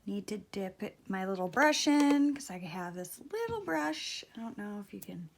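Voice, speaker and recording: Soft-spoken woman with a gravelly voice. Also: medium pitch, big pitch swings, slight background noise. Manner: slow, soft-spoken, drops to near-whispers. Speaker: beauty vlogger. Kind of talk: casual nail tutorial. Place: home, at a table.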